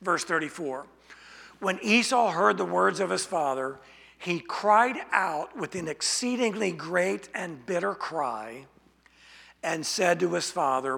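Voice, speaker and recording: Man preaching, gravelly husky voice, bright tone, slow deliberate pace, long hall reverb. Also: sits high, animated. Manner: slow, deliberate delivery with rhetorical questions. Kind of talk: expository sermon.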